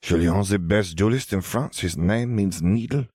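A man voicing a scornful, hissing female dark witch in an audiobook reading. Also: fairly low pitch, moderate pace, no room sound, studio quality, close to an everyday voice. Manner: sharp, contemptuous.

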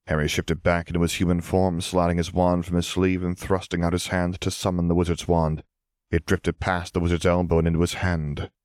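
A man giving calm, measured audiobook narration. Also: low voice, dry recording, studio quality.

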